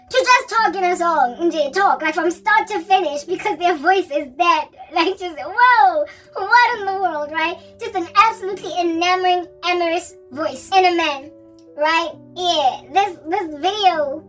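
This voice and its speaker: A woman's voice: very high-pitched, unhurried, fairly bright tone, distant mic, faint music behind. A woman rambling animatedly in a casual vlog chat, now and then breaking into snatches of song. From South Africa. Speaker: Christian vlogger.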